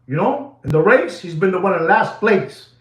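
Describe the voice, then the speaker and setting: A man's voice: sits high, big pitch swings, normal speed. Theatrical man in an echoey room. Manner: theatrical, swings from shouting to hushed asides; mixes Spanish phrases into English talk. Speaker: watch market commentator. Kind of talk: animated market update.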